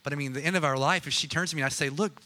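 A man's voice: on the high side, steady tone, racing, sharp tone. A man preaching a casual, conversational sermon, chatty and joking with many asides. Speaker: pastor.

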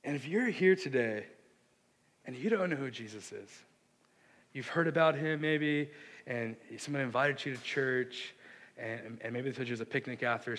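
A man preaching a sermon, earnest and impassioned, with a hushed delivery that builds into fervor. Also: mid-range voice, normal speed. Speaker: pastor. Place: church sanctuary. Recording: long reverb of a large hall.

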